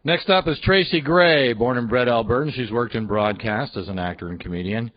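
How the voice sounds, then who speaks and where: A male host introduces the next act plainly and steadily. His voice is mid-pitched. The sound is dry and dull, as on a lo-fi live tape. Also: a little fast, no room sound. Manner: plain and steady, with some uhs. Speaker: show host. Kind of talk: introducing a comedian. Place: comedy club.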